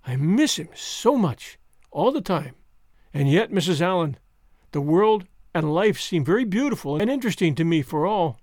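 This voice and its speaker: A man's voice: sits high, sing-song, normal speed, darkish tone, no echo. A man reading the part of an earnest, heartfelt orphan girl in grief, in a dry, close recording. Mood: wistful. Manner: earnest, tearful pleading.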